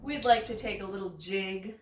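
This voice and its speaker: A woman's voice: mid-range voice, normal speed, very noisy. A woman co-hosting a podcast in casual chat, playful and theatrical. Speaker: podcast co-host. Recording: echoey room.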